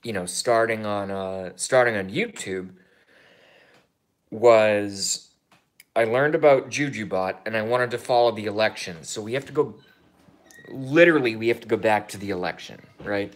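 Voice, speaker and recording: Excitable profane man in his thirties. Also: fairly low pitch, normal speed. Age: 30s. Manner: excitable, swings from mumbling to loud outbursts; profane, rambling with repeats. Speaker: YouTuber. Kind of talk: rambling political vlog monologue.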